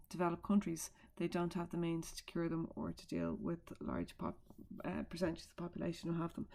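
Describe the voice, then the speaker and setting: A woman's voice: fairly low pitch, warm tone. A woman teaching a recorded remote lesson from home, talking chattily into a computer mic with asides and fillers as she explains.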